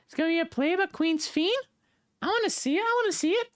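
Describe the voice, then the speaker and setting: An excited little girl in a game, squeaking in a high falsetto. She is eager and bouncy, with lively swings in pitch. The sound is close and dry. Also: fast talker, no room sound.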